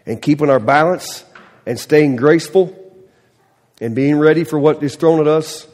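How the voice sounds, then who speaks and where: A middle-aged male pastor preaching in a church, his slightly high voice carrying a long reverb through the sanctuary. He tells his stories with lively gestures in the voice and acts out the people in them, then drops to a hushed tone for prayer. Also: normal speed. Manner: animated storyteller, acting out voices; soft, quiet prayer at close. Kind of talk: sermon with storytelling.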